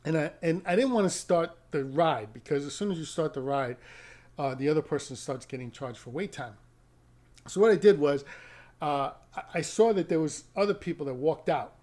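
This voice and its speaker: A middle-aged man chats to the camera about his day as a rideshare driver, his voice sitting a little high for a man. He rambles, restarts his sentences and chuckles at his own stories. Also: normal speed, a little mellow. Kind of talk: casual storytelling to camera.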